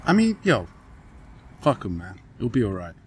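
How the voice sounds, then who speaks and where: A man's voice: on the low side, huge pitch swings, normal speed, a little mellow, a little hiss or hum. A young man, chatting casually on a podcast, laid-back and reassuring, swearing casually, recorded outdoors by a railway track. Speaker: podcast co-host. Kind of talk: casual chat.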